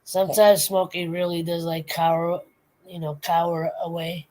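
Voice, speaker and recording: Animated woman telling pet stories. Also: lowish voice, moderate pace, rough recording. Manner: animated storytelling, acts out her pets' voices. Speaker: podcast co-host. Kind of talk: casual chat.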